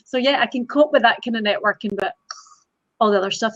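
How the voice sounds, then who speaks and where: A woman's voice: on the high side, fast, fairly bright tone, dry recording, muffled recording. Chatty Scottish woman laughing often. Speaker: co-host. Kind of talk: casual live-stream chat.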